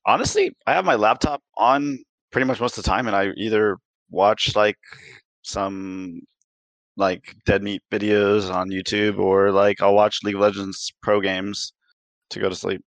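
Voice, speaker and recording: A man's voice: on the low side, steady tone, moderate pace, no room sound. A young man talking hesitantly in a casual group call, with lots of "I mean" and trailing off. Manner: hesitant, self-effacing, many "I mean". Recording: dry dull call audio.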